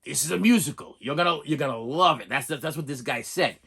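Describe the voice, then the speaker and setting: A man's voice: a little high, a little fast, gravelly, husky. A man giving a casual, rambling movie review, repeating himself and chuckling as he goes. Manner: animated, rambling, repeats words, laughs often.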